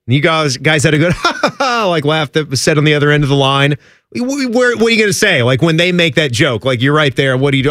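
Laughing, animated sports talk man. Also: on the high side, no room sound, studio quality. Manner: jokey, laughs often, quick asides. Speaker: sports radio co-host. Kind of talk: casual sports talk banter.

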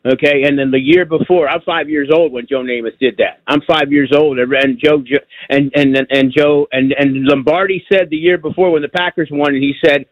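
A man's voice: fairly high pitch, steady tone, moderate pace, no room sound. Rambling older male caller on a phone line. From New York. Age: 60s. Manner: rambling, repetitive, emphatic. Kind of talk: call-in radio chat.

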